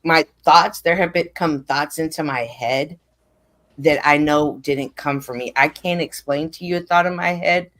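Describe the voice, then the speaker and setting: A woman's voice: sits low, a little slow, a bit bright. A woman speaking earnestly on a live stream, telling a personal faith story in casual conversation.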